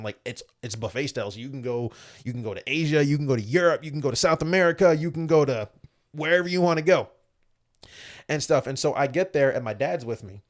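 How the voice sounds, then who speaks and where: A young adult man, a former Olympic athlete, chatting as a guest and telling stories animatedly. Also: medium pitch. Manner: animated, acts out other people's voices. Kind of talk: casual storytelling chat.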